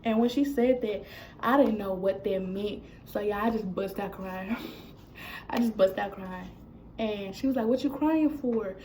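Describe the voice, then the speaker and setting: A woman's voice: mid-range voice, measured pace, slight background noise, poor audio. Young woman telling a casual storytime. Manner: casual, animated retelling with quoted dialogue. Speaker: vlogger. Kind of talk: storytime vlog.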